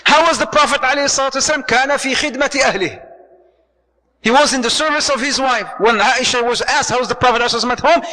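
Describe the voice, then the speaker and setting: A man giving a lively marriage lecture to an audience, acting out little dialogues and mixing in Arabic phrases. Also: very high voice, very fast, in a large hall, poor audio. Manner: animated, acts out dialogue, mixes Arabic phrases, joking. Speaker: Islamic speaker.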